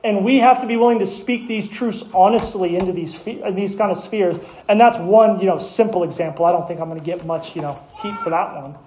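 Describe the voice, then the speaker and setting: High-voiced preacher in an echoey room. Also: male voice, a little fast, hardly any pauses, darkish tone, a little hiss or hum. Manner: earnest, conversational preaching with restarts. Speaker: pastor. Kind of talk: sermon.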